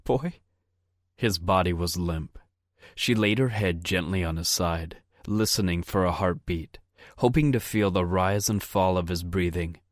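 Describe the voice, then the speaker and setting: Audiobook narrator: low, unhurried, measured man, dry studio read. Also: dry recording. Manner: steady, measured reading. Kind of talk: scripted narration.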